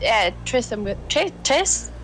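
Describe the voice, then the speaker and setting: A woman playing in a tabletop game, blunt and casual, quick to laugh. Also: a little high, very animated, a bit bright, a little hiss or hum. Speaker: player.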